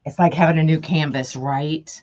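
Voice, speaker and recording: A woman's voice: sits low, steady tone, normal speed, a little mellow, muffled recording. Chatty woman crafting on a livestream. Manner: chatty, talks to viewers by name, thinks aloud. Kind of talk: casual livestream chat while crafting.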